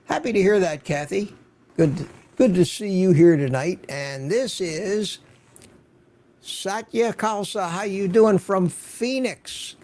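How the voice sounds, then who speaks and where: A man's voice: high-pitched, slow pace, darkish tone. Chatty older man hosting a livestream. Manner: chatty, greets viewers by name; repeats words when stressing a point. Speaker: host. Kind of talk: casual livestream chat.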